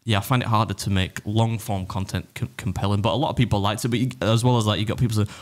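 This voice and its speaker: Fast-talking English man, low voice. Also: fairly even intonation. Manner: rambling, self-interrupting storyteller. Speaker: podcast co-host and video creator. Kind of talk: casual podcast chat.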